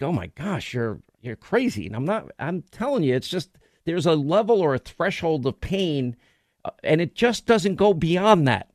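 Blunt rambling talk host. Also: male voice, fairly high pitch, dry recording, studio quality. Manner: rambling, blunt, with many restarts. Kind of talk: casual talk radio monologue.

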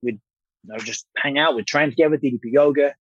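A man's voice: mid-range voice, quick pace, dry recording, lo-fi sound. A man in his thirties, a former boxer telling a long story as a guest, candid and swearing freely, with rambling restarts. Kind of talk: casual storytelling interview.

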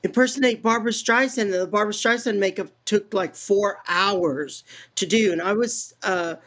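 A man's voice: high-pitched, moderate pace, pushed and bright. A man from San Antonio, Texas, a celebrity impressionist, telling stories as an interview guest in a breezy, self-mocking way. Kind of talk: casual interview chat.

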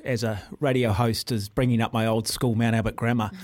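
A man's voice: medium pitch, fairly even intonation, fairly quick, a crowd in the background. A man with a New Zealand accent hosting talk radio, teasing his guest in a jokey, theatrical way. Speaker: radio host.

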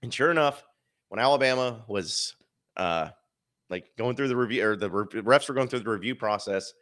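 Man, sports podcast host, casual solo commentary, opinionated, wry asides, mid-pitched voice. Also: fairly bright tone.

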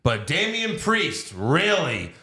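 A man's voice: on the high side, huge pitch swings, slow pace, echoey room, background noise. A man co-hosting a casual wrestling podcast, joking and swearing, often slipping into mock voices. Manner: laughing, swearing, bursts into mock impressions. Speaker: podcast co-host. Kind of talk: casual wrestling recap chat.

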